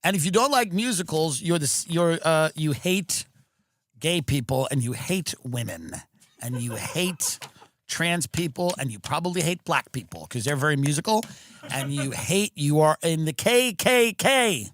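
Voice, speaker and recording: A man ranting through a comedic monologue, animated, mimicking agents and fans in mocking voices. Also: fairly high pitch, measured pace, a little hiss or hum. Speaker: comedian and podcast host. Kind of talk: comedic rant.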